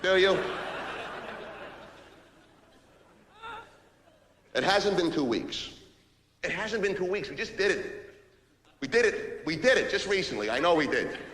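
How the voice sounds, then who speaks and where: An actor playing a pushy, sarcastic New executive. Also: male voice, a little high, fairly bright tone, a little hiss or hum. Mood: placating. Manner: barking, sarcastic, rapid-fire phone rant. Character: loud, pushy, self-pitying male business executive. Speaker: stage actor in a one-man play. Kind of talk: stage monologue. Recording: echoey hall with long reverb, faint ambience.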